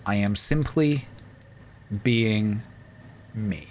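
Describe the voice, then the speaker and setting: A man streaming a game live, talking in a wry, deliberate way and choosing his words carefully. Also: fairly low pitch, a little mellow, a little hiss or hum.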